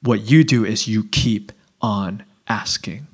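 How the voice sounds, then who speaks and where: A male pastor preaching a sermon in a relaxed, conversational way, acting out little voices and asides. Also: on the low side, takes it slowly, slightly rough. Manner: conversational, animated, acts out voices.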